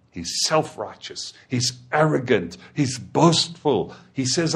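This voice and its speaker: A man preaching a sermon, emphatic and repeating phrases, swinging from loud declarations to hushed tones. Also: mid-range voice, big pitch swings, slow pace.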